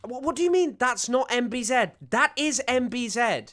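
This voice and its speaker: A man's voice: extremely high pitch, very animated, normal speed, fairly bright tone. A male streamer giving casual, sardonic reaction commentary into a desk microphone.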